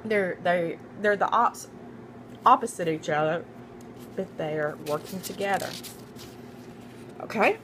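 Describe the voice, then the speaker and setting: Young woman, reading study notes aloud, repeats each term, spells words out, self-corrects, mid-pitched voice, faint background hiss. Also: fairly bright tone, rough recording. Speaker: student making a study guide.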